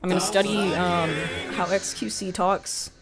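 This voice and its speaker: A woman in her thirties chats casually with her live-stream viewers in a slightly low voice. She swears freely and now and then jumps into loud, excited greetings. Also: normal speed.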